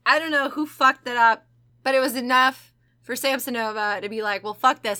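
A woman's voice: fairly high pitch, moderate pace. A woman co-hosting a casual true-crime podcast, retelling the case with lots of laughter and swearing. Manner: laughing, profane, animated storytelling. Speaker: podcast co-host.

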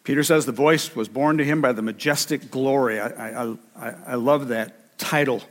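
A man's voice: mid-range voice, fairly even intonation, moderate pace. A man preaching a sermon with emphasis, repeating key phrases for weight. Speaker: pastor. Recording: reverberant hall.

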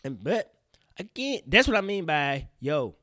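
Profane, rambling podcast host, higher voice. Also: male voice, measured pace, dry recording, clean studio sound. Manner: profane, animated, loud outbursts; slangy and rambling. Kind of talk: casual solo podcast rant.

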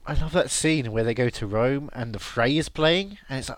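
A man's voice: mid-range voice, normal speed, dry recording. A man co-hosting a podcast, chatting casually and sarcastically, laughing often. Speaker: podcast co-host. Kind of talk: casual comedic chat.

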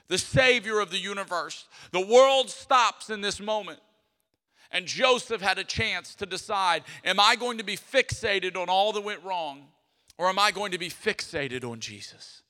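A man preaching a sermon as a pastor, telling stories with lively, acted-out voices. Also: high-pitched, long reverb tail. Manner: animated storytelling, acts out quoted voices. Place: church sanctuary.

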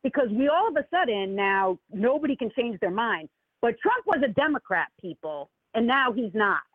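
An animated woman talking politics on a call-in line, her pitch leaping up whenever she mocks someone. The sound is tinny and phone-like, and dry, with no room around it. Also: normal speed, no room sound. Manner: animated, swoops high when mocking others. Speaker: caller. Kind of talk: casual political chat.

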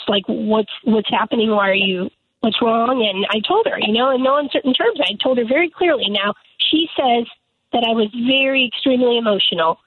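A woman lawmaker calls in to a radio interview, emphatic and indignant in how she argues her case. Her voice sits a little high and sounds husky. It comes through a tinny, dry phone line. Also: no echo. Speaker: lawmaker guest. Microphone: telephone.

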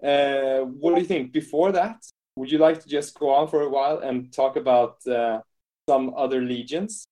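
A man co-hosts a relaxed hobby podcast, chatting loosely and breaking into laughter often. His voice sits at a middling pitch with a dark, mellow tone. He swears casually as he jokes. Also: moderate pace. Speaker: podcast co-host.

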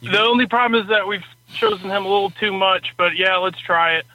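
A man's voice: sits high, fairly quick, sharp tone, dry recording, low-quality recording. A man taking part as a contestant in a podcast quiz, giving brief easygoing answers. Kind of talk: casual chat.

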